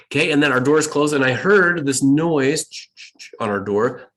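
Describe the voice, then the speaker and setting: A man presenting a motivational talk at a school event, lively and acting out quoted voices. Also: fairly high pitch, normal speed.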